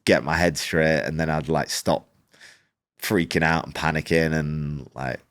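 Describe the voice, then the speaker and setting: A man with a deep, low voice recounts his experience as a racer, speaking casually and with animation. He slips into quoted back-and-forth and peppers his speech with "like". The sound is close and dry, with no room echo. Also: unhurried. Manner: animated, acts out quoted exchanges, frequent "like" fillers. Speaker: motorcycle racer, podcast guest. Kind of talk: casual storytelling in an interview.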